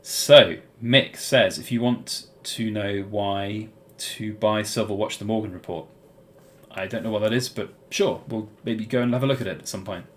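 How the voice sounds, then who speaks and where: A man's voice: lowish voice, fairly even intonation, normal speed, fairly bright tone. A British man hosting a casual live-stream Q&A, answering viewers' chat questions in a rambling way with plenty of "um" and "uh". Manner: rambling, many fillers and restarts.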